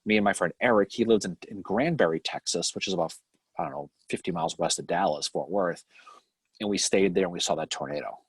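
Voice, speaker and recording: A man's voice: low voice, quick pace, breathy edge, no room sound. A middle-aged man from the Boston area with a Boston accent, co-hosting a casual live stream, rambling through old memories, swearing freely and laughing often. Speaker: podcast co-host.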